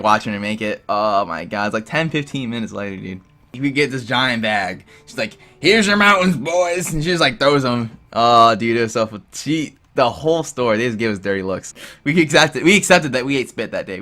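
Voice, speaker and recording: A young man telling a story in a casual vlog, animated and rambling, full of "like" and "dude". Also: a little high. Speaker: vlogger.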